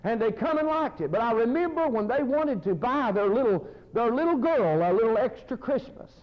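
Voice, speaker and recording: A man's voice: extremely high pitch, lively intonation, moderate pace. A man preaching a fiery, folksy sermon full of stories. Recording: muffled lo-fi sermon recording.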